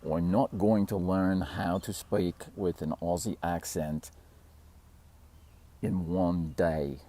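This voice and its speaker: A man's voice: deep voice, fairly even intonation, takes it slowly, mellow. A man hosting his own channel, talking casually and rambling, laughing at himself and acting out quotes. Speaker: fitness channel host. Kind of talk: casual talking-to-camera vlog.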